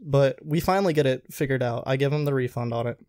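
A man's voice: medium pitch, fast, no echo, clean studio sound. Casual young man telling work stories. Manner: animated retelling, acts out quoted lines. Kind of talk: casual storytelling chat.

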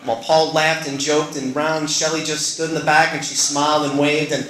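Middle-aged guy telling his own story on stage, earnest, kinda high voice, echoey room. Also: flat delivery, normal speed, fairly bright tone. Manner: earnest, conversational, self-deprecating asides. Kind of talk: live personal storytelling on stage. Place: stage in a live venue.

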